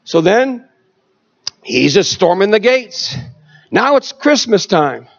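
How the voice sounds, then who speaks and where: Middle-aged male preacher, high lively voice, unhurried, shouts then hushes. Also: gravelly, muffled recording. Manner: swings from shouting to hushed storytelling. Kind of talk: sermon testimony.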